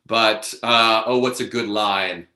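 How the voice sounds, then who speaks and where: A man's voice: fairly low pitch, steady tone, takes it slowly, bright, forceful tone, roomy sound. A man hosting a live online improv comedy show, announcing the cast and rules with upbeat, theatrical patter over a video call.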